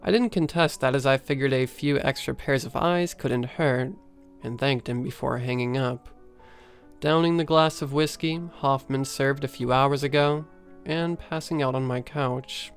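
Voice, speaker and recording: A man reading a first-person horror story aloud in a steady storytelling manner. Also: medium pitch, unhurried, soft background music. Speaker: story narrator.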